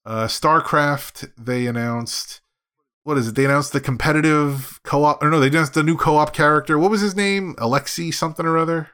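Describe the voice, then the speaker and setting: A man's voice: a little high, moderate pace, fairly bright tone, smooth. A man leading a casual podcast chat about video games, talking in a rambling way with many restarts.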